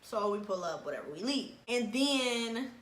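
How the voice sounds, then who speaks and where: A young woman tells a personal story in casual chat, animated, laughing often and acting out what people said. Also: a little high, normal speed. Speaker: vlogger telling a story. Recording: echoey room with faint background noise.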